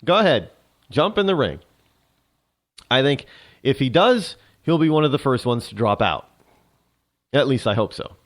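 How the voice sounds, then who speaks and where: Male talk host, rambling political monologue, animated pitch, frequent restarts. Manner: rambling, halting with many restarts.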